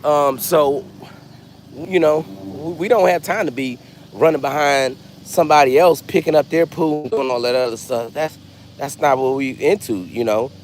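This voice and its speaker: A man vlogging, telling stories in a loose, animated way and acting out voices. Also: on the high side, moderate pace, slight background noise. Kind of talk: casual storytelling.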